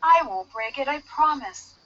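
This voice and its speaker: A woman's voice: sits high, lively intonation, measured pace. A woman voicing a persistent young female detective in a video game, eager and insistent, in dull lo-fi audio. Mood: determined.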